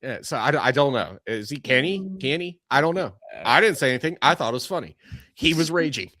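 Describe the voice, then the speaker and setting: A man's voice: medium pitch, lively intonation, brisk, pushed and bright, dry recording. A young man co-hosting a podcast, chatting casually, ranting and going off on tangents. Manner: rambling, ranting, goes off on tangents. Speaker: podcast co-host. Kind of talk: casual chat.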